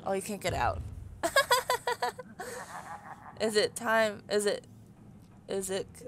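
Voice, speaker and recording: A young woman commentating on a video game as she plays, chatty and excitable, talking into a desk mic. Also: mid-range voice, slow pace, long pauses, a little hiss or hum. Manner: excitable, chatty, reads game dialogue aloud. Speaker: let's play host. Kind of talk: casual gameplay commentary.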